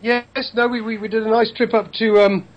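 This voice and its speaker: A man in his fifties from England, chatting about football over a video call, opinionated and quick with asides. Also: sits high, little pitch movement, no room sound, muffled recording. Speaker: football commentator guest.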